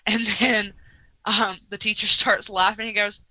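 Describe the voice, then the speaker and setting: A woman co-hosting a casual internet radio chat and telling stories with excited exclamations. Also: mid-range voice, normal speed, no echo. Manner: animated storyteller, bursts into excited exclamations. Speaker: co-host. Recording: dull, lo-fi online audio.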